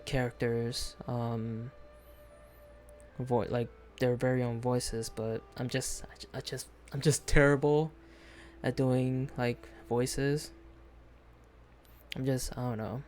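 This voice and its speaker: A man streaming a video game live, chatting casually in a rambling, hesitant way with lots of fillers and restarts. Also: medium pitch.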